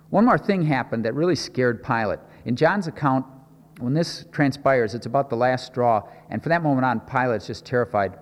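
A man's voice: mid-range voice, lively intonation, moderate pace. Man teaching scripture in a reverberant hall. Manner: explanatory, asks the audience questions. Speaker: preacher. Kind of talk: conversational Bible teaching.

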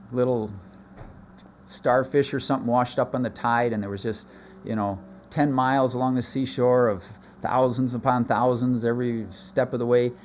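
A man's voice: a little mellow, a little hiss or hum. Earnest male preacher in a sermon. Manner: earnest preaching, voice rising for emphasis and dropping low in asides. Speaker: pastor.

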